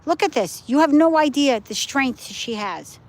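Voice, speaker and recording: A woman's voice: high-pitched, lively intonation, a little slow, poor audio. A middle-aged woman chatting casually to livestream viewers on her phone while walking her dog by the ocean at night. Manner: chatty, points things out to viewers. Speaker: livestream host. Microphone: phone held while walking.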